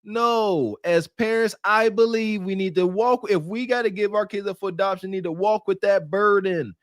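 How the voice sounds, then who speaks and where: A male podcast co-host delivers preachy, scolding commentary, sighing and laughing as he lectures. His voice sits fairly high for a man. The sound is close and dry, with no room echo. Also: moderate pace.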